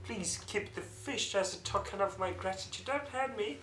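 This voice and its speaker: Guy putting on a high jumpy fishmonger voice, fawning and twitchy, echoey room. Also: moderate pace, fairly bright tone. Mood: fearful. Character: timid male fishmonger, nervous and fawning.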